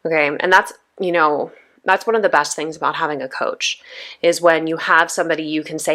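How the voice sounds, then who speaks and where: A woman's voice: deep voice, fairly even intonation, fairly quick, fairly bright tone. A woman in her thirties hosting a podcast, talking casually and conversationally with lots of asides to her listeners. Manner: chatty, conversational, frequent "right?" and "you know". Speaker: podcast host.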